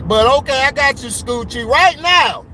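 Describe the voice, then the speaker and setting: A man's voice: extremely high pitch, animated, moderate pace, sharp tone, a little hiss or hum, low-quality recording. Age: adult. Sex: man. Style: casual ranting vlog. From Florida. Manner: heated, slangy, talks to live viewers. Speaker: vlogger. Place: in his car on the road.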